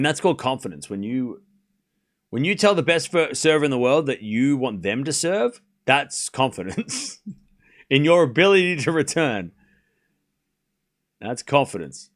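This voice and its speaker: A man hosting a live tennis watchalong stream, calling points play by play with casual joking asides and shouting on big moments. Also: fairly high pitch. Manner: excitable, shouts on big points, chatty and joking between rallies.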